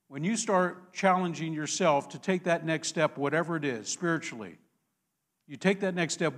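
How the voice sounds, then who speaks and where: A man, a pastor, preaching a sermon in a conversational, storytelling manner, with laughs at his own expense. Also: a little high. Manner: conversational, warm storytelling with self-deprecating laughs.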